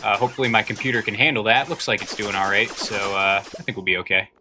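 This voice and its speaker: A man's voice: lowish voice, steady tone, quick pace, noisy background. A man livestreaming in casual chat, reading viewer comments aloud and answering them with dry jokes.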